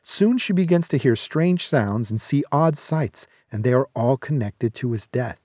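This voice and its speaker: A man's voice: mid-range voice, expressive, a little slow, warm tone, no room sound, clean studio sound. A man hosting a podcast, reading scripted film reviews with sardonic, jokey asides. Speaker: podcast host.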